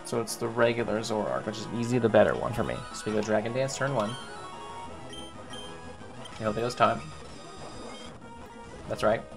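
Gravelly man talking through a game. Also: fairly low pitch, moderate pace, long pauses, over music. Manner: thinks aloud, repeats himself, talks to his game characters. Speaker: gaming YouTuber. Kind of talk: casual gameplay commentary.

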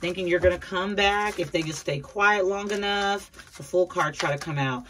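Tarot reader voice, mid-pitched, chatty and blunt, over steady background noise. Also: moderate pace. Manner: chatty, repeats herself, addresses viewers as a collective; blunt, occasional swearing. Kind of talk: casual tarot reading monologue.

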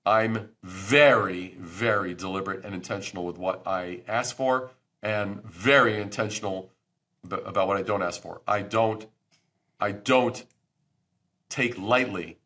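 A middle-aged man talks on a podcast with a bright, forceful voice. He is blunt and emphatic, and he swears to drive his points home. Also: lowish voice, measured pace. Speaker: branding expert guest. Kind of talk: podcast interview.

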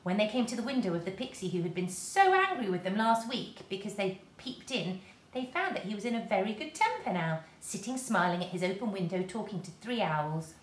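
A woman, a teacher, reading a children's storybook aloud to her class in a lively, expressive way. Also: medium pitch, a little fast. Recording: roomy echo.

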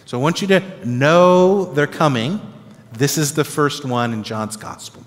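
A male pastor gives an animated, conversational Bible teaching in a fairly high voice. His words ring with the long reverb of a church hall. He keeps checking in with his listeners as he goes. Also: unhurried. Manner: animated, conversational, acts out disciples' reactions with tag questions.

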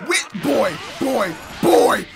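A young man giving loud, trash-talking commentary over his own online matches, shouting at opponents and explaining his character build. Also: very high voice, very animated, extremely slow, vocal fry, over loud music. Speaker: gaming YouTuber. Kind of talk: hyped gameplay commentary.

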